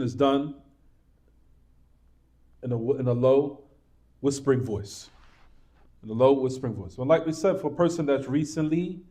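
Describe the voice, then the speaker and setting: In a mosque, a man teaches a religious class in a warm, mid-range voice. The Islamic teacher repeats his points, reassures his students, and asks them rhetorical questions.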